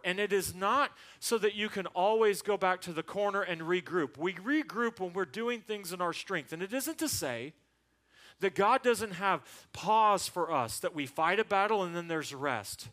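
A man preaching a sermon, telling a personal story and acting out the people in it in a lower voice. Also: animated, moderate pace, a bit bright. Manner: storytelling, acts out quotes in a lower voice. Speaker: pastor. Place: church.

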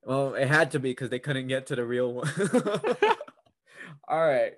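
A man's voice: medium pitch, expressive, measured pace. Giggly, teasing man hosting a quiz. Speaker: podcast co-host. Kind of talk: casual chat.

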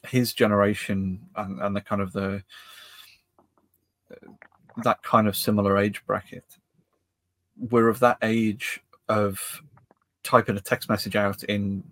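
Rambling low-voiced male podcast host. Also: flat delivery, a little slow, long pauses, a bit bright, no echo. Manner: rambling, circles back and restarts phrases. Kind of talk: casual chat.

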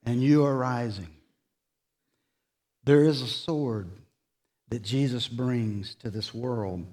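A male pastor preaching a sermon in a church, slow and dramatic, rising to loud emphasis and dropping soft. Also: mid-range voice. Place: church sanctuary.

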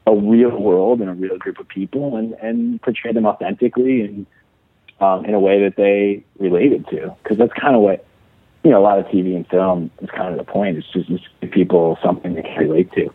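A man's voice: low-pitched, steady tone, a little fast, husky, no echo. A man from Chicago, an actor being interviewed, talking casually and rambling with lots of fillers and restarts. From Chicago, USA. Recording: dry, tinny phone-like audio.

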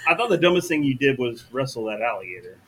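Bright teasing man on a podcast. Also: mid-range voice, very animated, fast, a little hiss or hum. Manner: teasing, wisecracking. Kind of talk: rowdy casual chat.

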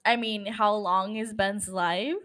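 A woman's voice: mid-range voice, fairly even intonation, slow pace, fairly bright tone. A young woman hosting a casual solo podcast, rambling, swearing freely and laughing at herself. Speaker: podcast host.

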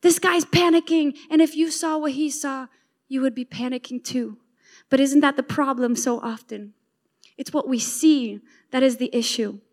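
A woman's voice: high-pitched, moderate pace. A woman preaching a sermon, retelling a story with emphatic repetition and asides to the listeners.

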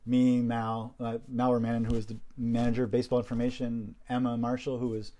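A man hosting a podcast, telling stories in a rambling, animated way, repeating himself and clearing his throat often through a hoarse voice. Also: medium pitch, fairly quick. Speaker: podcast host. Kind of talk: casual storytelling monologue.

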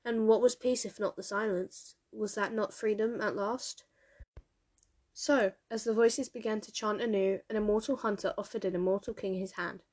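A woman's voice: mid-range voice, fairly even intonation, normal speed, darkish tone. Woman narrating an audiobook. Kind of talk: audiobook reading of fan fiction.

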